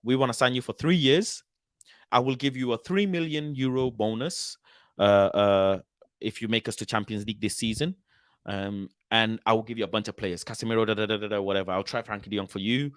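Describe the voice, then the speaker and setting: A man's voice: fairly low pitch, fairly even intonation, a little fast, no room sound, clean studio sound, close to an everyday voice. A man voicing a blunt, businesslike male club owner in a role-play, speaking curtly and matter-of-factly. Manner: curt, matter-of-fact.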